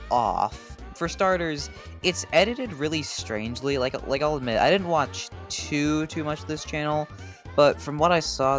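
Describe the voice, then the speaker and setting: Brief: male commentator, mid pitch, loose and profane, stammery restarts, faint music behind. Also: a bit bright. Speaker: video essayist. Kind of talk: casual video-essay commentary.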